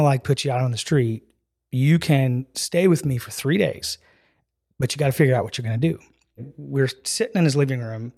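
A man as a podcast guest telling a personal story in a casual, earnest way, acting out the dialogue with lots of "like" and "dude". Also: medium pitch. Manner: animated storyteller who acts out dialogue with "I'm like" and "he's like"; earnest and emotional, with filler "like" and "dude".

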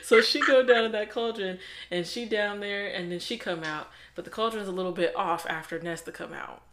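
A woman's voice: mid-range voice, a little fast, a bit bright. A woman co-hosting a book review podcast, retelling the plot in casual chat and acting out the characters' lines.

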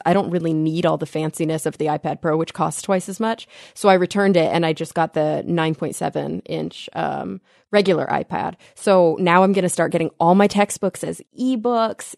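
A woman's voice: lowish voice, darkish tone, dry recording, studio quality. A young woman co-hosting a science podcast, chatty and upbeat as she explains things. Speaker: podcast co-host. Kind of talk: casual science podcast chat. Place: home, remote call.

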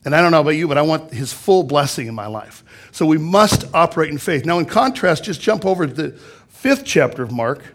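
A man's voice: a little high, big pitch swings, brisk, fairly bright tone. A man, a pastor, preaching a sermon in a church, reading scripture aloud and explaining it with emphatic repetition. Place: church sanctuary.

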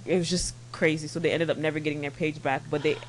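A woman's voice: sits low, steady tone, quick pace, rough recording. A woman hosting a podcast in casual chat, laughing easily between chatty remarks. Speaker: podcast host.

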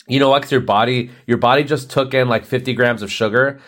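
A man in his thirties rambles through a solo comedic rant as a podcast host. His everyday mid-range voice keeps breaking into laughs and sudden high-pitched bursts. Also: animated, moderate pace, a bit bright. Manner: rambling, laughs often, jumps into high exclamations.

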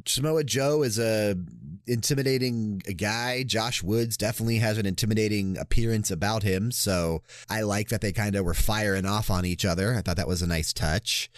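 A man's voice: moderate pace, no room sound. American man co-hosting, dry close sound. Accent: American English. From United States. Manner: animated, swooping pitch, trailing off low. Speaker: podcast co-host. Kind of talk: casual chat.

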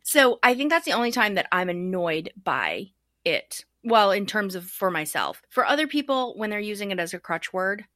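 A woman's voice: medium pitch, sing-song, normal speed, sharp tone, no room sound, clean studio sound. A woman speaking in a reflective, self-examining way in a casual group discussion.

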